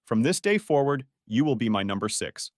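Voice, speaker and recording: A man voicing a calm, commanding teenage boy hero in a recap story. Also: mid-range voice, fairly quick, dry recording, clean studio sound, close to an everyday voice.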